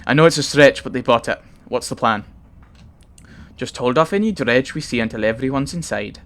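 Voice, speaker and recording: A man's voice: medium pitch, normal speed, close to an everyday voice. A man voicing a wry hunter with a put-on Scottish accent, reading game dialogue. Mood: tense.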